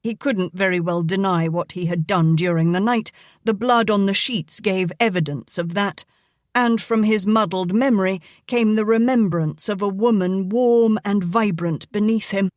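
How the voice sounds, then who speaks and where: Lady reading a romance audiobook, slow and even, dry sound. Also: medium pitch, no room sound. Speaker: audiobook narrator. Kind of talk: scripted narration.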